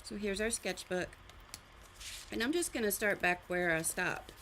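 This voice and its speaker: A woman's voice: medium pitch, animated, a little slow, fairly bright tone, a little hiss or hum. Chatty woman hosting a live drawing session. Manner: chatty, rambling, explains as she goes. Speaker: art livestream host. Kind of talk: casual live drawing demonstration. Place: art studio.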